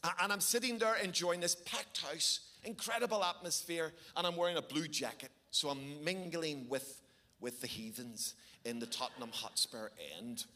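Man, Belfast accent, middle-aged, preaching, high voice, animated storytelling. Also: normal speed. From Northern Ireland. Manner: animated storyteller, varies pace for emphasis. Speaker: pastor. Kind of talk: sermon with storytelling.

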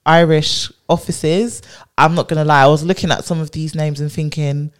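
A woman co-hosting a podcast in casual, emphatic chat, quick to laugh. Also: sits low, fairly even intonation. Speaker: podcast co-host.

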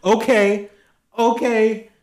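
A young man co-hosting a podcast, telling stories in a casual, animated way and joking around with lots of swearing. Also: sits high, drawn-out words, crowd noise. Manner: animated storytelling, swearing, playful rants. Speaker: podcast co-host. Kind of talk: casual chat.

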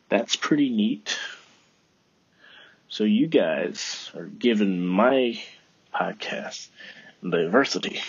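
A man's voice: lowish voice, husky, dry recording, lo-fi sound. A man hosting his own podcast, talking alone in a casual, rambling way with frequent swearing. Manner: rambling, profane, self-talking. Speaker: podcast host. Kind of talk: casual solo podcast monologue.

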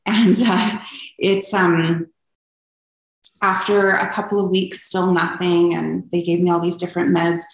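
A woman's voice: lowish voice, flat delivery, a little slow. A young woman telling her personal story as an interview guest, earnest and open, with frequent ums. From Canada. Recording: echoey room.

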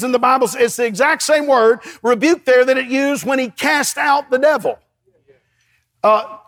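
A middle-aged man preaching a sermon with fervor, breaking into shouts and calling out to the congregation for an amen. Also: extremely high pitch. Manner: fervent, shouting at peaks, calls for amen.

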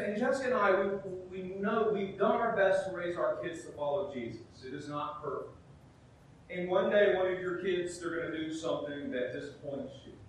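A middle-aged pastor preaching, his slightly high voice pressing hard with rhetorical questions and little acted-out asides. He is heard from a distance in a very echoey hall, a faint rumble underneath. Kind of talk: sermon.

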